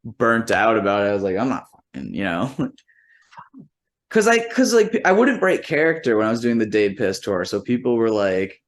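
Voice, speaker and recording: A man's voice: lowish voice, very animated, normal speed. Rambling, profane male storyteller. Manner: profane, rambling, lots of "like" fillers; quotes people in rough imitation while storytelling. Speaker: musician and comedian. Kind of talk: casual anecdote telling.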